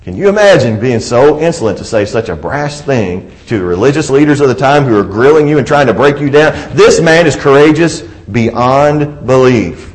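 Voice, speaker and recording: A man delivers a sermon with fervent conviction, his voice swinging widely from quiet, intimate asides up to emphatic, ringing peaks. He reads scripture aloud and acts out its speakers along the way, at a middle pitch. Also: animated, normal speed, few pauses, rough recording. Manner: impassioned, rises to emphatic peaks and drops to soft asides. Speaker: preacher.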